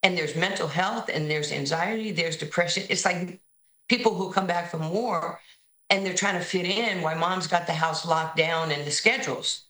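A woman's voice: on the low side, moderate pace, echoey room, low-quality recording. A woman from New York, a basketball head coach, telling stories in an interview and acting out the people she quotes. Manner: animated storyteller, acts out quoted voices. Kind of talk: interview storytelling.

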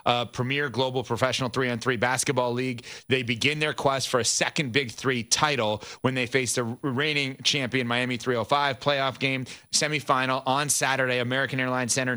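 A man hosting a sports broadcast, introducing and questioning a guest in brisk, clipped phrases. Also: mid-range voice, sharp tone. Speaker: sports show host. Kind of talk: broadcast interview.

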